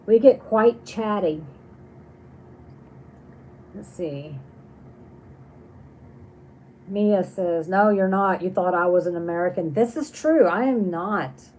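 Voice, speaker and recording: A woman's voice: on the low side, slow, long pauses, a little mellow, a little hiss or hum, poor audio. A woman hosting a casual livestream, reading viewer comments aloud and chatting on in a rambling way with many restarts. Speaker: livestream host.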